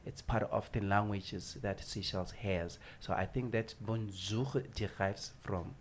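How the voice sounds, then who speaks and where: Man co-host, lowish voice, halting chat, faint background hiss. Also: steady tone. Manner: hesitant, many fillers and restarts. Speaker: radio co-host. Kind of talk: casual studio chat.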